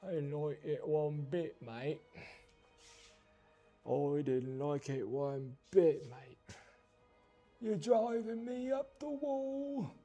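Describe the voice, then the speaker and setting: A man's voice: fairly high pitch, animated, slow, pauses often, mellow, lo-fi sound, faint music behind, heavily acted. A man putting on a theatrical mock-British accent as a cheeky, indignant bloke during a painting stream. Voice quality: exaggerated, sing-song delivery.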